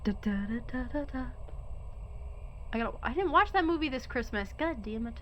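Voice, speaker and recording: A woman's voice: a little high, quick pace, fairly bright tone, slight background noise. Chatty, swearing young woman streamer. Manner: chatty, self-deprecating, swears freely. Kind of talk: casual game stream chat.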